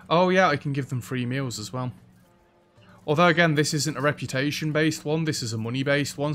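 A man giving casual, chatty commentary as he plays a restaurant sim, reacting loudly to what happens in the game. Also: mid-range voice. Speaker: let's play host. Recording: faint background music.

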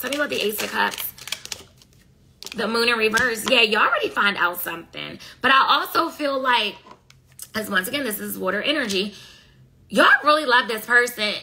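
A woman's voice: fairly high pitch, vocal fry, sharp tone, a little hiss or hum. A woman doing a casual tarot reading, talking bluntly in profane slang and scolding her listeners. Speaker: tarot reader.

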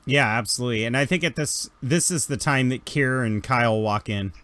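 Guy game-mastering a tabletop game, jokey, keeps doing quick voices, dry close sound. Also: mid-range voice, a bit bright, no room sound. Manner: joking, slips into quick character voices.

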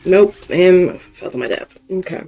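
A young woman playing through a horror game, chatting to herself and her viewers in an unhurried, drawn-out way. She pokes fun at her own mistakes and talks straight back to the characters on screen. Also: on the low side, animated, creaky, dark tone, soft background music. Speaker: gaming youtuber. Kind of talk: casual let's-play commentary.

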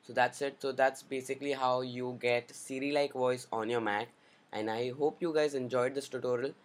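A man's voice: medium pitch, steady tone, normal speed. A man in a mid-range voice guides viewers through a computer setting. He speaks in a casual, upbeat way and lays out each click in plain steps. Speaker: tech tutorial host. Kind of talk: screen-recorded software tutorial.

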